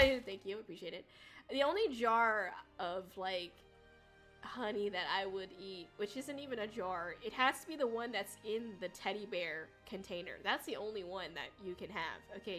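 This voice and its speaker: Giggly, high-pitched young woman streamer. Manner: giggly, rambling, bursts of squealing excitement. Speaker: VTuber streamer. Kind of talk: casual livestream chat.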